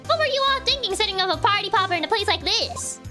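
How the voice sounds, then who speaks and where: A brash, folksy Southern woman photographer who talks tough and picks fights, as a woman puts her on in a game stream. The drawl is thick and the voice sits high and lively. Game music plays underneath. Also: heavily acted. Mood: indignant. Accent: put-on American Southern drawl. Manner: blunt, folksy, quick to pick a fight.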